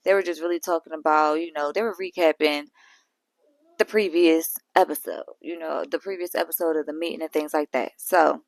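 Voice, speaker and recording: In her laid-back recap of a reality show, a woman is blunt and sassy, leaning heavily on words like "girl" and "sis". She has a low, creaky voice with fairly even intonation and talks a little fast. There's no room sound.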